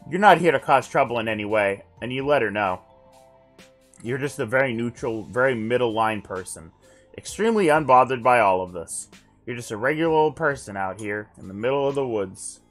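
A man's voice: mid-range voice, lively intonation, fairly quick, a bit bright, faint music behind. A man streamer reading a text adventure aloud on stream, breaking off for joking asides between passages of narration.

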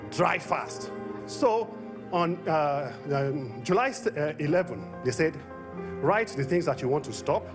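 A man giving a testimony in church, telling his story with excited rises and falls. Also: medium pitch. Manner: excited storytelling, rising and falling. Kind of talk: spoken testimony.

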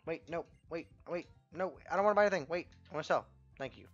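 A young man giving excitable, profane let's play commentary and reacting loudly to the game. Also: fairly high pitch, fast talker. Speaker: gameplay commentator. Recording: slightly muffled, game music behind.

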